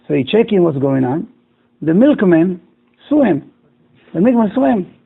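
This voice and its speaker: Animated rabbi, tinny recording. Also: male voice, sits high, normal speed, gravelly, long pauses, slightly rough. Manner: animated storyteller acting out dialogue, broken English. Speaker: rabbi teaching a class. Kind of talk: telling a moral story in a class.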